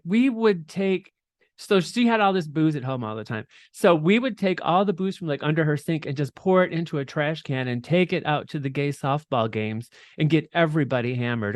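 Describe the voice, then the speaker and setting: A man's voice: on the high side, dry recording, studio quality. Candid, laughing man telling his story. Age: middle-aged. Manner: animated, swearing freely, laughs often. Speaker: interview guest.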